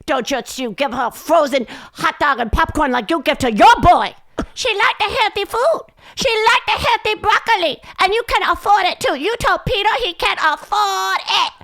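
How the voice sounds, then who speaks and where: A woman's voice: very high voice, lively intonation, normal speed, vocal fry, a bit bright, voice pushed up, heavily acted. A woman voicing a bossy middle-aged mother who leaves scolding, repetitive instructions in broken English.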